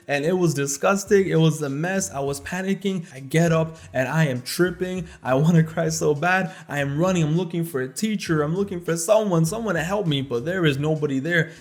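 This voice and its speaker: A young man telling a funny story from his childhood in a casual, slangy way, often laughing as he talks. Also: fairly high pitch.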